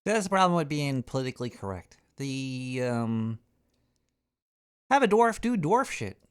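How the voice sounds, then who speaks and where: A man's voice: mid-range voice, very animated, measured pace, clear, resonant tone. Rambling, profane male show host. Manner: rambling, profane, stammering rants. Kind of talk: ranting casual talk.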